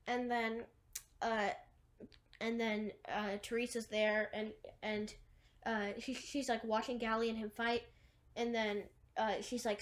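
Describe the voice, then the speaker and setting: A woman's voice: fairly high pitch, flat delivery, unhurried. A woman casually retelling a movie plot, rambling through long chains of "and then" and fillers, with wry asides. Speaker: movie recapper.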